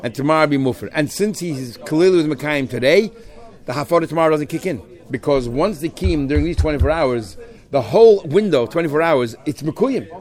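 A man teaching a Talmud class, talking through the text in an animated, questioning way and mixing in Hebrew terms. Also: a little high, a little fast.

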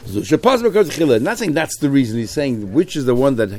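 Male Talmud teacher, lively, keeps asking the class questions. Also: mid-range voice, quick pace. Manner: lively, mixes Hebrew-Aramaic terms into English, rhetorical questions.

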